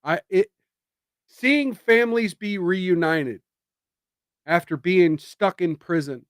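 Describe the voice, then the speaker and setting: A man's voice: high-pitched, slow, no room sound, studio quality. A man streaming political commentary, sarcastic and emphatic, with indignant rhetorical jabs.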